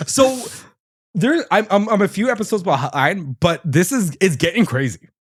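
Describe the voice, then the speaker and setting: Animated, laughing male podcast co-host. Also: sits high, normal speed, breathy edge, no echo, clean studio sound. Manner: animated storytelling, laughs often, swears casually. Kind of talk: casual chat.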